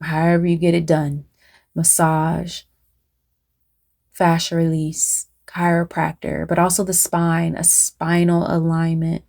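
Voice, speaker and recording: A woman's voice: sits low, monotone, vocal fry, darkish tone. A woman channeling a spiritual message to her viewers. She talks unscripted and meanders, with many fillers and restarts, and keeps checking in with "right?". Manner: addresses viewers directly, asks "right?"; pauses to consult spirit.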